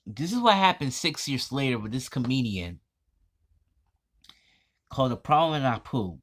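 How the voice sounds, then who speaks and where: A man vlogging an indignant commentary, reading text aloud in a halting, stumbling way. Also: mid-range voice, big pitch swings, a bit bright.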